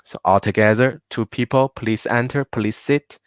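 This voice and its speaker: A man teaching a live online language class, patiently repeating words slowly for his learners. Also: medium pitch, fairly even intonation, clean tone, no echo.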